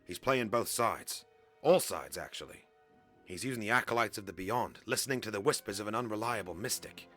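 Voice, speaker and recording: A man's voice: on the low side, brisk, sharp tone, faint music behind. A man voicing a small, wary male alien informant who speaks in a grave, urgent way.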